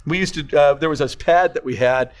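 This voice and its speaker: An older man, a grandfather, telling rambling family stories in casual chat and acting out quotes loudly. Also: on the high side, fairly quick. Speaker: podcast co-host.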